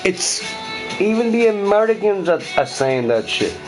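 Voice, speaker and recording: A man's voice: high-pitched, big pitch swings, moderate pace, music in the background, poor audio. A drunk Irish man with a Dublin accent ranting in a heated, profane monologue and repeating himself. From Ireland.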